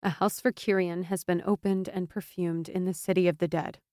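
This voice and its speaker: A woman voicing a cold noblewoman whose voice climbs to a shrill, fearful pitch. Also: little pitch movement, normal speed, darkish tone, dry recording, clean studio sound, lightly acted. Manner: cold, rising to shrill rage.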